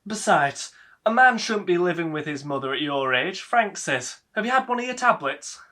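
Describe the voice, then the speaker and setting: A man's voice: high voice, lively intonation, normal speed, pushed and bright. A young man voicing a chatty, stubborn 72-year-old mother in a filmed stage monologue. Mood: insistent.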